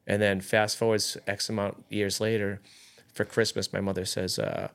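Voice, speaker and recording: A man around forty with a low, gravelly voice, spinning a lively story in relaxed chat. He jumps into quick impressions of the people he talks about. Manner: animated storytelling, acting out others' lines. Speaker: podcast guest storyteller. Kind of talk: casual chat.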